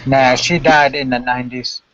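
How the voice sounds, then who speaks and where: A man speaking haltingly in a casual group voice chat. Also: mid-range voice, fairly even intonation, a bit bright. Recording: lo-fi voice chat with faint noise.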